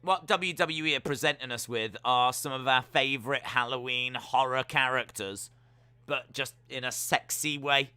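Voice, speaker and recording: A man giving jokey live reactions while watching a wrestling show, now and then letting out sudden loud yells. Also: mid-range voice, moderate pace, clear, resonant tone. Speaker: wrestling watch-along streamer.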